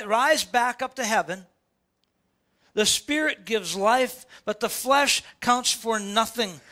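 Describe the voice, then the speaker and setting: Older guy pastor preaching, high bright voice, keeps hitting you with questions. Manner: preaching with rising emphatic questions. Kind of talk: sermon. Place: church sanctuary before a congregation.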